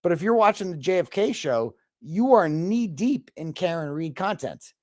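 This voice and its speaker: A man's voice: high voice, moderate pace, no echo, clean studio sound. A man telling a story with a lot of swearing, in a casual chat over a video call. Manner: animated storytelling, frequent swearing. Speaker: guest.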